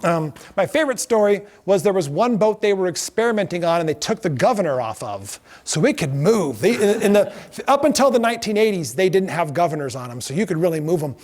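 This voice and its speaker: A middle-aged man giving a lecture to a class, telling lively anecdotes and acting out the quotes. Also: sits high, a little fast, few pauses. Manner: animated storyteller acting out quotes.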